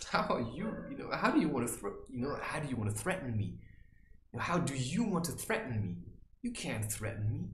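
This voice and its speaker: A man giving advice in a rambling casual monologue, saying "you know" constantly and mocking people in high teasing voices. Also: big pitch swings, fairly quick, a bit bright, echoey room. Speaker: vlogger giving life advice.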